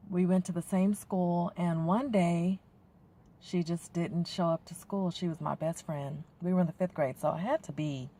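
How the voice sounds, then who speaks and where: A woman in her forties telling personal stories softly and reflectively, getting teary at times. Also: lowish voice. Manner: soft, reflective, emotional, with frequent ums and sighs. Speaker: faith vlogger. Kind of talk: personal storytelling.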